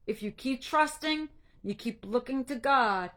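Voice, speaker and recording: A woman anxiety coach giving an earnest, faith-based encouragement talk, emotional and halting, stumbling and restarting as she speaks. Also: high-pitched, animated, fairly bright tone. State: emotional, near tears.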